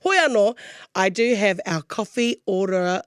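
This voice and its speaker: A woman's voice: mid-range voice, unhurried, clean tone, dry recording, studio quality. A woman co-hosting a podcast, upbeat and teacherly as she explains phrases. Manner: upbeat, teacherly, laughs often. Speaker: podcast co-host. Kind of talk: casual chat, teaching phrases.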